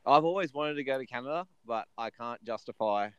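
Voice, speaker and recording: An Australian man chatting as a guest in a relaxed, easygoing and self-deprecating way. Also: medium pitch, brisk, clean tone, no echo, muffled recording. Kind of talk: casual chat.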